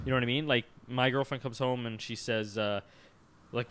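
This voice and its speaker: A man's voice: mid-range voice, fast talker, a little hiss or hum. A young man in his twenties co-hosting a podcast, ranting in casual chat and swearing freely. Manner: profane, ranting, animated. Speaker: podcast co-host.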